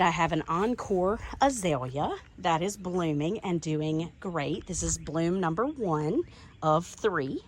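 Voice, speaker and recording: A middle-aged woman with a Southern accent and a low voice walks through her home garden outdoors, eagerly narrating a casual tour of her plants for her vlog. There's a little hiss or hum in the recording.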